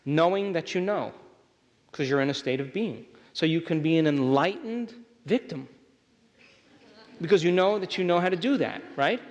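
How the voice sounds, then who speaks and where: A man delivers an emphatic motivational lecture and keeps checking in with his live audience. His voice sits fairly high for a man. It rings with the long reverb of a large hall. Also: expressive, moderate pace. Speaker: workshop speaker.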